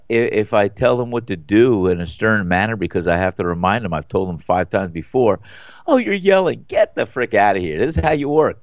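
A man's voice: medium pitch, clean tone, no echo. A middle-aged man on a casual talk show, blunt and opinionated, rambling through his points. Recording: dry, dull lo-fi sound.

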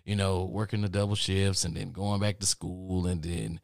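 A man's voice: low-pitched, level tone, moderate pace, creaky, no echo, clean studio sound. A young man casually telling a long personal story, rambling and profane, laughing at himself as he goes. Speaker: podcast host.

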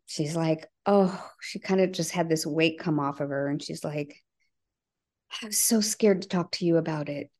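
A middle-aged woman, a podcast guest, telling a personal family story earnestly and acting out the dialogue, her voice sinking low at the heavy parts. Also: normal speed, darkish tone. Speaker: podcast guest, bereaved mother.

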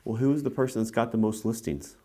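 A man's voice: mid-range voice, fairly even intonation, quick pace, warm tone, slightly rough. A man in his thirties co-hosting a podcast, recapping conference speakers in a loose, enthusiastic way with plenty of fillers. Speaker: podcast co-host.

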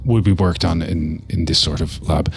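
Low-voiced male game master, laid-back narration, lots of ums. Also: moderate pace, gravelly. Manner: relaxed, full of fillers.

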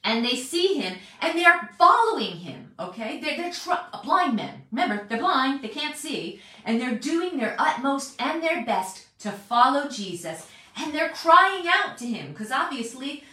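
A woman preaching a chatty, animated Bible teaching, often acting out what people say. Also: high voice, unhurried, few pauses. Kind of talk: sermon. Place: large echoey room. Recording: very echoey hall, mic distant.

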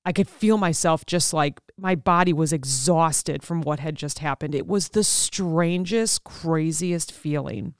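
A woman's voice: sits low, unhurried, few pauses, no room sound, clean studio sound. A woman podcast host telling a personal story in a candid, conversational way. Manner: candid and conversational, with frequent fillers.

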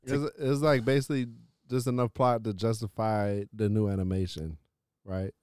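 A man's voice: on the low side, steady tone, moderate pace, darkish tone, smooth, no room sound, clean studio sound. A young man hosting a podcast, talking casually with many fillers and restarts. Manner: hesitant, filler-heavy, reads ad spots. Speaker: podcast host. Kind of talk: casual chat.

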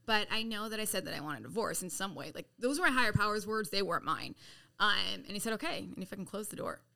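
A middle-aged woman from San Diego telling her life story on a podcast in a blunt, profane, animated way. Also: medium pitch, fast, vocal fry. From San Diego, California. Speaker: podcast guest. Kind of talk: casual storytelling.

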